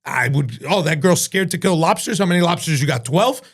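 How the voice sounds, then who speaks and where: Gravelly, animated man telling kitchen stories. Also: on the high side, brisk. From Cuban-American from New Jersey. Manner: animated, profane, acts out dialogue in voices. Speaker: chef and entrepreneur, podcast guest. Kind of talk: casual storytelling interview.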